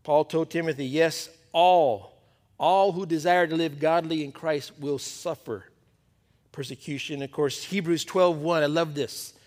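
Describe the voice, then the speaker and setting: A male pastor giving a sermon to a men's Bible study, preaching in a conversational, emphatic way that drops to a hush at times. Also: fairly high pitch, fairly even intonation, measured pace.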